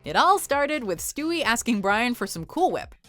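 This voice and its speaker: A woman reads a scripted countdown with a wry, playful edge. Her pitch sits a touch high and swings widely from phrase to phrase. Faint music plays beneath her. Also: very animated, normal speed, bright, forceful tone. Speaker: countdown narrator.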